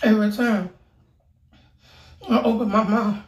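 A woman vlogger in a casual video who talks in pain from a burning mouth, with loud exclamations and heavy cursing. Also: medium pitch, steady tone, a little slow. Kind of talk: casual vlog talk. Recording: echoey room, mic at a distance.

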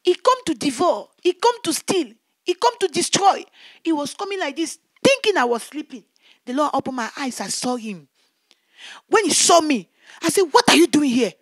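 A woman's voice: high voice, very animated, moderate pace, no echo, studio quality. A woman evangelist giving a fervent testimony sermon, repeating her exclamations of praise.

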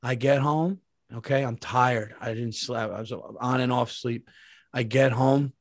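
A man hosting a podcast, telling a comic story in a casual, animated way, swearing and repeating lines for emphasis. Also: mid-range voice, a little slow, dry recording, studio quality. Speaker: podcast host.

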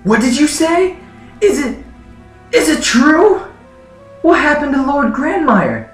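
A man voicing a distressed young woman in a squeaky falsetto while reading game dialogue. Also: big pitch swings, slow pace, reverberant, recorded from a distance, soft background music, heavily acted. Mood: alarmed.

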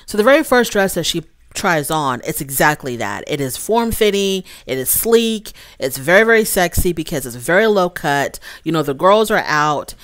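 Woman, lowish voice, dry close sound, chatty reality TV recap, talks to viewers as y'all. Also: big pitch swings, normal speed, few pauses, a bit bright, dry recording. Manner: chatty, addresses viewers as y'all, acts out quotes. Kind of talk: casual recap commentary.

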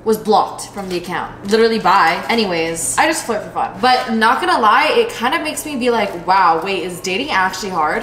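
A woman's voice: medium pitch, noisy background. A young woman in her twenties vlogging casually at home while cooking, chatty and candid, swearing freely and saying "like" a lot. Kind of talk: casual vlog chat to camera. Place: home kitchen. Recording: echoey room, faint ambience.

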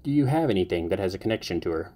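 A man's voice: low-pitched, animated, racing, dark tone. Brief: cocky young male fighter, flippant quips, narrator's put-on voice. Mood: casual. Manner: flippant wisecracks.

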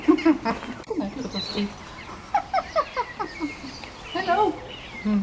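A woman films at outdoor stables and keeps up a chatty, repetitive patter, cooing to the horses. Her voice sits fairly high and swoops up and down. The camera audio carries plenty of outdoor noise, with horses and birds behind her. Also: big pitch swings, measured pace, pauses often. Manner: chatty, repeats herself, coos and talks to the horses. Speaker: horse enthusiast vlogger. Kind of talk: casual commentary while filming horses. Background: outdoor ambience with horses and birds.

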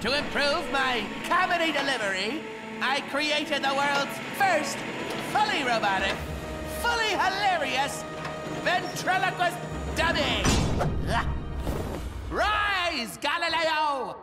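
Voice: high-pitched, very animated, loud music behind the voice, exaggerated voice. An actor voicing a proud male dog inventor who fancies himself a comedian in a cartoon. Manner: earnest, proud, slow joke delivery.

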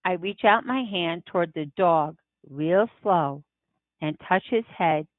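A woman reading a children's novel aloud in the first person, unhurried and expressive. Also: fairly low pitch, dry recording. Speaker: audiobook reader. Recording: tinny phone-like dry sound.

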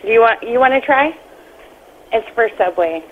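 A woman working at a fast food shop, answering the phone in a polite, giggly, compliant way. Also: a little high, lively intonation, slight background noise. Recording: tinny phone line.

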